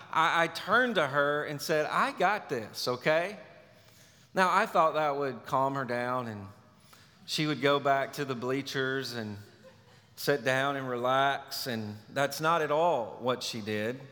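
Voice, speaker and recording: A male pastor preaching a sermon, telling a story in a relaxed, conversational way. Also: mid-range voice, a little slow. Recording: long reverb of a large hall.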